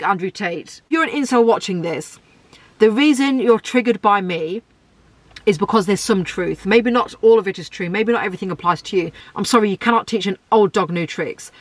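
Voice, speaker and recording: A woman in her 20s hosts a solo podcast, ranting in a blunt, outspoken way. Her voice is deep and expressive, at normal speed, with no echo.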